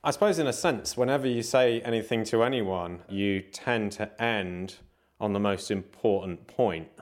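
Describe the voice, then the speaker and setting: A man's voice: lowish voice, moderate pace. A man hosting the conversation, reflecting thoughtfully on what his guest says. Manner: reflective, thinks aloud. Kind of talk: conversational interview.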